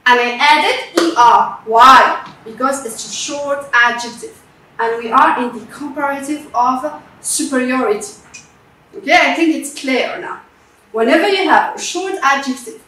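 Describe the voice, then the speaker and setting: High-voiced woman English teacher, slow and patient, in an echoey room away from the mic. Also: a bit bright, recorded from a distance. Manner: slow and patient, repeats words and checks with "okay?". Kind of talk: classroom grammar lesson.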